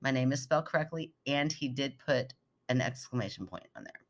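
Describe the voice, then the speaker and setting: A woman's voice: a bass voice, lively intonation, a little fast. A woman co-hosting a podcast, reading a listener's email aloud with self-deprecating asides and frequent laughter. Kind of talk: casual chat, reading listener mail aloud.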